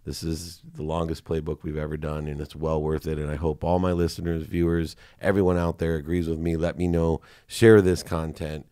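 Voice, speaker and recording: A man's voice: rumbling low, level tone, moderate pace, few pauses, mellow, clean tone, dry recording. A man hosting a podcast, heartfelt and effusive as he praises his guest. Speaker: podcast host. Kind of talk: emotional interview sign-off.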